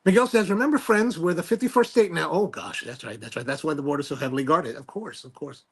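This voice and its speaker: Male livestream host, gravelly and husky tone, loose rambling self-deprecating delivery while reading viewer comments. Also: fairly high pitch, fast. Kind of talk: casual chat, reading viewer comments aloud.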